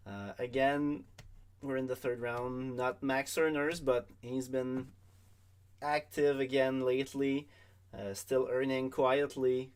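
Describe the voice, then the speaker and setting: Slow, halting male draft host. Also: mid-range voice, steady tone, clear, resonant tone. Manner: slow, hesitant, many ums and restarts. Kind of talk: casual livestream commentary.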